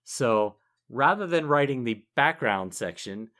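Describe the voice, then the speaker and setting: Animated, chatty male podcast co-host. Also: medium pitch, a little slow. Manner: chatty, laughs easily, rambling asides. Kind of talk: casual chat.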